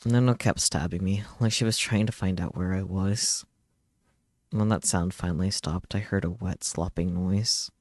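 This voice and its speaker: A man's voice: sits low, fairly even intonation, moderate pace, darkish tone. Brooding man reading a game aloud. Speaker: streamer. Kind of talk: dramatic visual novel reading.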